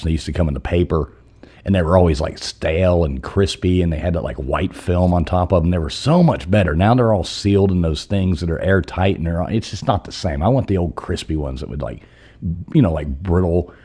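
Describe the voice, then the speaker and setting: A man with a very deep, dark voice. He teases the others and rambles fondly in a casual video chat. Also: fairly quick, slightly rough. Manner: teasing, rambling. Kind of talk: casual group chat on a stream.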